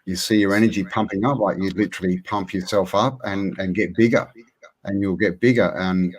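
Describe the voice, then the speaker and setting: Low-voiced man chatting haltingly. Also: fairly even intonation, a little hiss or hum. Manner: hesitant, many fillers and restarts. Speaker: co-host. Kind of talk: casual chat.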